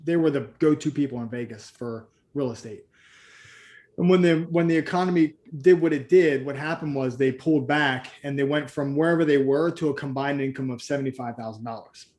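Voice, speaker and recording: A man's voice: medium pitch, a little fast, a little mellow. A man leading a live group coaching call, telling stories and acting out the voices of the people in them. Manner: storytelling, acts out quoted voices. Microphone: video call.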